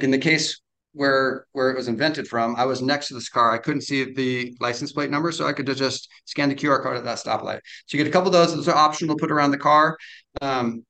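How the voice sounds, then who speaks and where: A man rattles off explanations at a brisk clip as a podcast guest. His voice sits at an ordinary pitch, and he keeps the tone casual and practical as he explains how the product works. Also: pushed and bright, low-quality recording. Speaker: product inventor, interview guest. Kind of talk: podcast interview.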